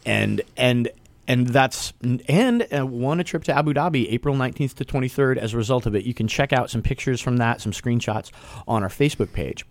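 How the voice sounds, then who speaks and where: A man's voice: medium pitch, fairly quick, no echo. A man hosting a casual local radio show, talking loosely with restarts and easy laughs. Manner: rambling, restarts, laughs easily.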